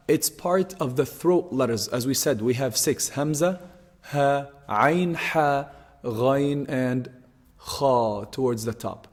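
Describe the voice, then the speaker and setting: A man teaches pronunciation, slowly and patiently repeating each sound so learners can copy it. His voice sits at an ordinary middle pitch. The recording has a long, hall-like echo. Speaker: Quran teacher. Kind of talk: pronunciation lesson.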